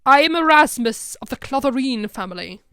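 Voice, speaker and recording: A woman's voice: high voice, lively intonation, a little fast, bright, forceful tone, no echo, studio quality, exaggerated voice. A woman reading the part of a boastful, sneering male alien villain who plots to enslave humans, in a storybook reading. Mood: scheming.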